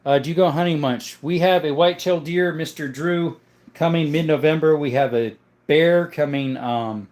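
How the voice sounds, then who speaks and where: A man hosting a casual livestream, reading viewer comments aloud and answering them in a relaxed, chatty way. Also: fairly high pitch, normal speed. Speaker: livestream host showing his gun collection. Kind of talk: casual live-stream chat.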